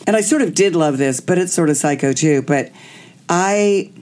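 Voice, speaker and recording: A woman's voice: lowish voice, moderate pace. A woman guest candidly telling a personal story, acting out what people said. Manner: animated, acts out quotes.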